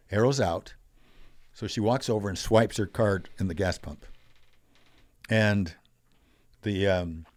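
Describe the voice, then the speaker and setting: An older man telling stories as a podcast guest, animated, acting out quoted voices. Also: lowish voice, dry recording. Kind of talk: storytelling in a conversational interview.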